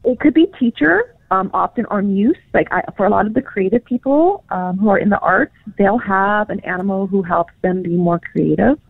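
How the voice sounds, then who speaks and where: A woman's voice: mid-range voice, normal speed, creaky, hardly any pauses, husky, no echo. A woman from California, a guest on the phone, chatting casually with many fillers and easy laughs. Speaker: pet psychic guest. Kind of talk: casual interview chat. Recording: tinny phone line.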